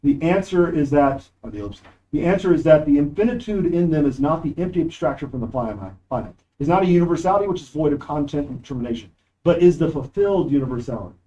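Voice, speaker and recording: A man's voice: a little high, lively intonation, quick pace, mellow, dull audio. A man giving a university philosophy lecture in a classroom, talking in an emphatic, discursive way, recorded without a proper microphone. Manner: discursive, emphatic, reads quoted passages aloud. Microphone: no microphone, audio cleaned up after.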